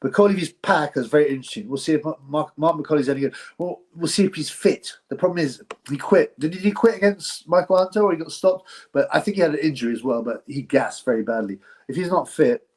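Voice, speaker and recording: A man's voice: on the high side, fairly quick, hardly any pauses, a little mellow. A man hosting a live boxing stream, chatting casually to viewers in a blunt, rambling, slangy way. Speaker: host of a live boxing show.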